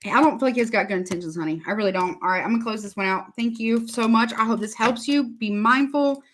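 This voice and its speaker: Chatty higher-voiced woman reading tarot. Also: fast talker, a bit bright. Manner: chatty, repeats herself, calls viewers honey. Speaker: tarot reader. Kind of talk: casual live tarot reading.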